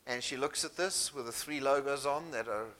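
A man's voice: mid-range voice, moderate pace, pushed and bright. A man with a South African accent giving a conference breakout talk, chatty and full of anecdotes and self-deprecating humor. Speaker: keynote speaker.

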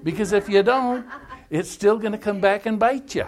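Animated man coaching a couple. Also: high-pitched, normal speed. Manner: animated storytelling with hypothetical scenarios; repetitive, emphatic phrasing. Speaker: family workshop speaker. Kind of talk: coaching a couple before a group.

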